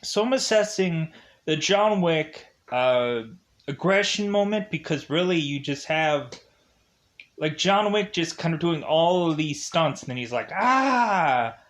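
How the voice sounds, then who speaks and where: A man's voice: on the high side, lively intonation, measured pace. A man giving a casual movie review, rambling and digressive, with constant fillers like "like" and "uh". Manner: rambling and digressive, heavy use of "like" and "uh".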